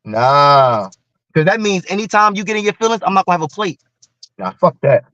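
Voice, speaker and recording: Guy going off in casual chat, blunt and repetitive, kinda high voice, dull dry lo-fi sound. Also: a little fast, no echo. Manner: blunt, repetitive, animated street talk.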